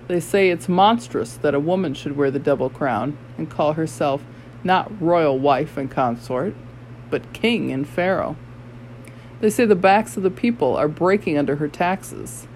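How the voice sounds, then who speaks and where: A sly young male rogue who speaks in a bland, purring voice, as an audiobook narrator puts him on. Every line is smooth and insinuating, delivered at a middle pitch. It is a storybook character read aloud. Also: a little mellow, a little hiss or hum, natural voice, low-quality recording.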